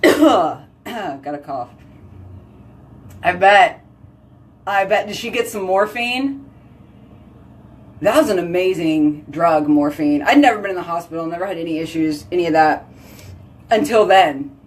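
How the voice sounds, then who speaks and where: Woman host, casual chat, filler-heavy, animated and talkative. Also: on the low side, measured pace, pauses often. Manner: chatty, heavy use of "like", animated exclamations.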